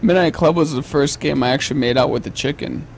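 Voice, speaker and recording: A man's voice: fairly high pitch, quick pace, creaky, a little hiss or hum. A man co-hosting a casual gaming podcast, joking around with his friends. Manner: joking, lively. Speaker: podcast co-host. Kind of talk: casual panel chat.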